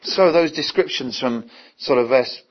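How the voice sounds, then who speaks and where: Husky-voiced man preaching. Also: mid-range voice, unhurried. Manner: earnest, asks many rhetorical questions. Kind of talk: sermon. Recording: dull, lo-fi recording.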